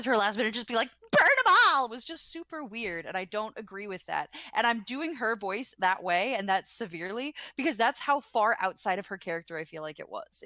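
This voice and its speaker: A woman's voice: mid-range voice, fairly bright tone, no echo. A woman co-hosting a casual review chat, opinionated and given to giggles. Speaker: podcast co-host.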